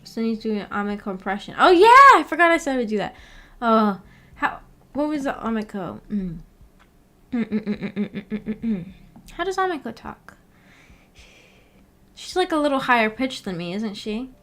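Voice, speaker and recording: A woman's voice: fairly high pitch, sing-song, moderate pace, pauses often, bright, forceful tone. A woman streamer in casual livestream chat, rambling, giggling and correcting herself as she goes.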